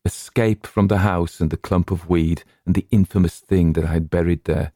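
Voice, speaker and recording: A man reading a horror story aloud, measured and hushed, chanting the nursery rhyme lines slowly. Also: low-pitched, fairly even intonation, no room sound, studio quality. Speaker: narrator.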